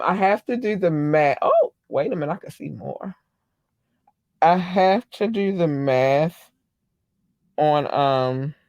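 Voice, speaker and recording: A woman's voice: low-pitched, no room sound, dull audio. A woman hosting her own podcast in a casual solo chat, gushing thanks and love to her listeners with lots of ums and slang. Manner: effusive, gushing shout-outs to listeners; chatty with frequent ums and slang. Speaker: podcast host.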